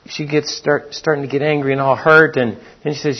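A man's voice: a little high, a little fast, hardly any pauses, slightly rough, highs cut off. A man preaching a sermon in a folksy, storytelling way. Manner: folksy storytelling, acts out quotes.

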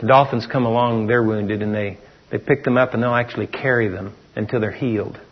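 A man's voice: medium pitch, fairly even intonation, brisk. A middle-aged man preaching a conversational sermon, asking his listeners questions and acting out what people say. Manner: conversational preaching with rhetorical questions and acted-out quotes. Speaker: pastor. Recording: dull lo-fi sermon recording.

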